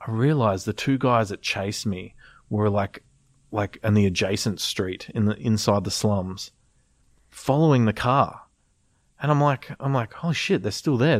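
Male storyteller, low-pitched, animated and profane, casual podcast chat. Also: no echo, clean studio sound. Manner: animated, swearing, laughing through the story.

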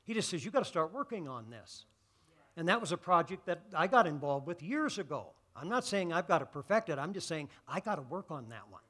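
A male pastor preaching a sermon, quoting scripture slowly and building from calm teaching to loud, fervent exhortation. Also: a little high. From United States. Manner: quotes scripture in slow measured phrases.

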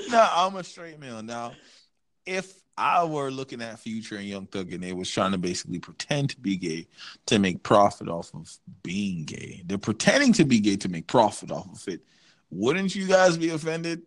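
Animated podcast guy with a swinging voice. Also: normal speed. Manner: animated, swings between loud rants and low mutters. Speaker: podcast co-host. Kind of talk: casual podcast banter.

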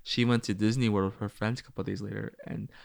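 A young man with a lowish voice chats casually about movies. He tells stories with plenty of fillers and lurches up in pitch when he gets excited. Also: fast talker, gravelly. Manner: chatty storyteller, many fillers, jumps up in pitch when excited.

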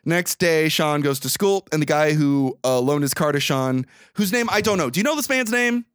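A young man recapping a movie in casual podcast chat, animated, profane and mock-exasperated. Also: fairly high pitch, moderate pace, smooth, no echo, studio quality. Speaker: podcast co-host.

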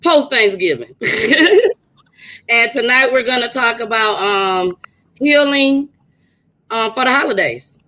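A woman co-hosting a podcast, telling stories in a loud, animated way, swearing freely and laughing often. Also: fairly high pitch, slow, long pauses, low-quality recording. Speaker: podcast co-host. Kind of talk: casual chat and storytelling.

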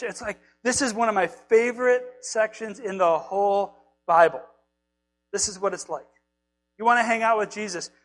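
A man preaching a casual, animated sermon, retelling scripture stories and acting out the quotes in a conversational way. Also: high voice, poor audio. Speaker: pastor.

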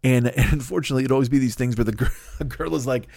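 A man's voice: mid-range voice, rapid-fire, gravelly, darkish tone, no echo, clean studio sound. A man hosting a solo comedy podcast, rambling and swearing freely while poking fun at himself. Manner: profane, rambling, self-mocking. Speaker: podcast host.

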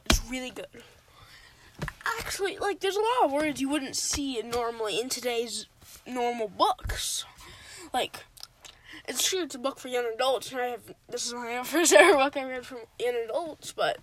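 A woman's voice: high voice, moderate pace, a bit bright. A woman chatting on a casual podcast, eagerly rambling about a book she loves, with lots of "like" and restarts. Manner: rambling, full of fillers and restarts, enthusiastic.

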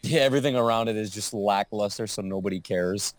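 A man's voice: fairly low pitch, a little fast, no room sound. Man, podcast co-host, casual banter, jokey, swears, dry close sound. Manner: joking, swears freely, laughs often.

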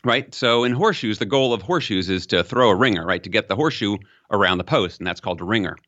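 In an interview, a man speaks as a communication expert, explaining through examples and raising his pitch to stress points. His voice is expressive, quick, and slightly bright, though the recording sounds muffled.

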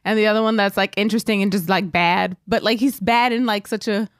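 A woman's voice: medium pitch, fairly even intonation, brisk, clean tone, no echo, studio quality. A woman co-hosting a podcast in casual chat, talkative and laughing. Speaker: podcast co-host.

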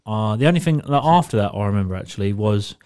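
A man's voice: fairly low pitch, expressive, quick pace, a little mellow, clear, resonant tone, faint music behind. A man co-hosting a podcast, telling a rambling, sweary story and laughing through it. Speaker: podcast co-host. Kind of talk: casual storytelling chat.

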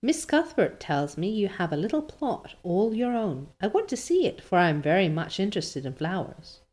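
A woman's voice: medium pitch, very animated, moderate pace, darkish tone. A woman reading as a kind, soothing minister's wife.

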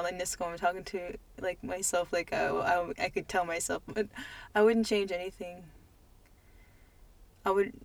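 Woman podcast co-host, gentle and heartfelt, monotone delivery, dry close sound. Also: mid-range voice, no room sound. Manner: soft, emotional, repeats phrases, trails off.

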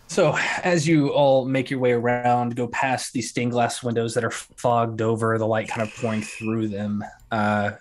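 A man running a tabletop game, describing scenes in an easy, rambling way. His voice sits at a middle pitch, and he stops often for "uh" and "like" as he goes. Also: little pitch movement, unhurried, hardly any pauses, a little hiss or hum. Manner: loose, chatty narration with many fillers. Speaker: game master.

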